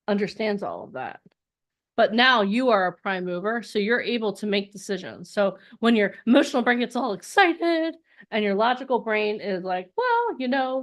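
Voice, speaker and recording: A woman coaching an online workshop in a motivational talk, acting out little inner voices with big leaps in her voice. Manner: energetic, acts out inner voices with big pitch jumps. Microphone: online call.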